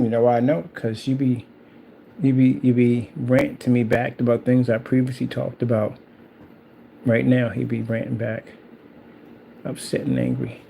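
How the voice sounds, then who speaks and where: A man's voice: mid-range voice, gravelly, warm tone, slight background noise. A man hosting his own channel, talking casually and teasingly in a rambling, repetitive way while he paints at home. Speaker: channel host. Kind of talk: casual trash-talking monologue.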